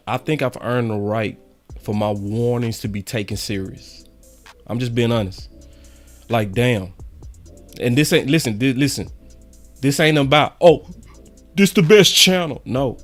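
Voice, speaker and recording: Medium in pitch and a little slow, this man's voice has long pauses, with faint music in the background. He runs his own sports channel and delivers a slangy, preachy fan monologue, emphatic and repetitive.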